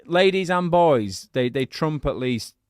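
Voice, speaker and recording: A man's voice: fairly high pitch, animated, measured pace, clear, resonant tone, no room sound, clean studio sound. A man co-hosting a casual podcast, rambling and teasing with a giggly manner. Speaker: podcast co-host.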